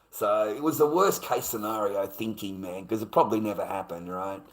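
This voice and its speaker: A man streaming, telling a personal story in a profane, casual way and getting loud and heated as he relives his anger. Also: on the low side, fairly quick, few pauses.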